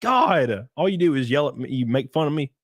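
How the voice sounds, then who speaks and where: Young guy hosting a podcast, talks fast and loose, swears a lot, dry close mic sound. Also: on the high side, no room sound. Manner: excitable, swears a lot, jokes with mock voices. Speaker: podcast host. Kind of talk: casual chat.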